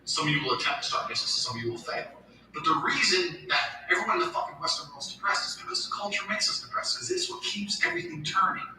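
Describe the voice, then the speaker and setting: A man's voice: high voice, wildly swooping pitch, fast. A man ranting bluntly in a profane, emphatic monologue. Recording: echoey, distant, music behind.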